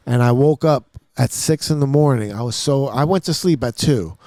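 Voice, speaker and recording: A man hosting a podcast, telling a long story in casual talk, swearing often and acting out his own lines in a hushed voice. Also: medium pitch, normal speed, dry recording. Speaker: podcast host. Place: podcast studio.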